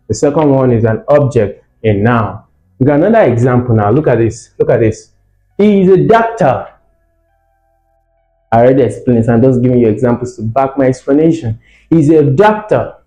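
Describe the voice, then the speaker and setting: Echoey male tutor, mellow voice. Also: mid-range voice. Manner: lively, asks rhetorical questions, repeats example phrases. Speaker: exam prep tutor. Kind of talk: teaching lesson to camera. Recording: echoey room.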